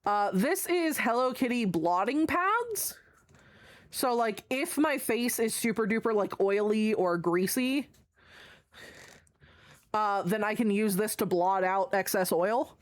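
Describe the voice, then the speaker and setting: Showing things off to her live chat, a woman streamer speaks slowly in a mid-range voice with lively intonation. She rambles casually and swears freely, recorded on a desk mic.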